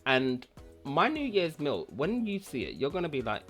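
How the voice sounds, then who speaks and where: A man's voice: medium pitch, big pitch swings, unhurried, a bit bright, faint music behind. A man hosting a casual cooking vlog, chatty and rambling, who repeats words for fun. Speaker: cooking channel host.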